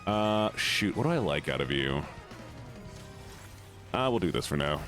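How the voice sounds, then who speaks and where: Lively, chatty male game streamer. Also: sits low, unhurried, faint music behind. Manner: chatty, reacts loudly to the game, greets chat by name. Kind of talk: casual live-stream chat while gaming.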